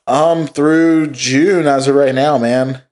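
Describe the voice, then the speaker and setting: A young man chats as a podcast guest, easygoing and enthusiastic, with plenty of slang. His voice sits at an ordinary middle pitch. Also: steady tone, slow pace, darkish tone. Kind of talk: casual chat.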